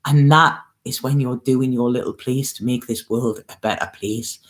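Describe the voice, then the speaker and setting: A woman's voice: extremely low pitch, steady tone, normal speed. Earnest, coaxing woman tarot reader. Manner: earnest, coaxing, with frequent "okay?" and "you know". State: near tears, emotional. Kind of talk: spiritual reading, casual monologue.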